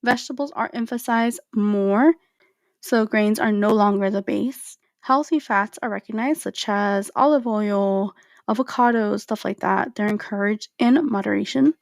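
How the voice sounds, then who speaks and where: A woman's voice: medium pitch, unhurried, gravelly, no room sound, studio quality. A woman in her thirties hosting a solo podcast, talking casually and directly to her listeners. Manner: casual and chatty, talks straight to listeners. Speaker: podcast host.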